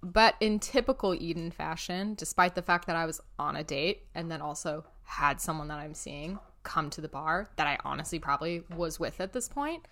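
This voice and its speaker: A young woman co-hosting a casual podcast, her voice sitting a touch low for a woman. She spins her story in an easy, chatty way and breaks into laughter often. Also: normal speed, hardly any pauses, a bit bright. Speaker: podcast co-host. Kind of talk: casual chat.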